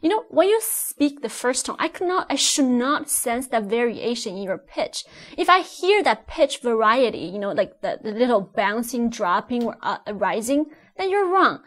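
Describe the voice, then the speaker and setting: A woman's voice: fairly high pitch, big pitch swings, moderate pace, a bit bright. A woman teaching Mandarin tones, explaining patiently step by step and modelling each sound. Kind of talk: online language lesson.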